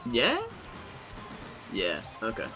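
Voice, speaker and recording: A man's voice: lowish voice, huge pitch swings, extremely slow, pushed and bright, faint music behind. A young British man live-streaming a racing game, chatting casually to his viewers and swearing freely as he plays. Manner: chatty, swears freely, talks to chat while playing.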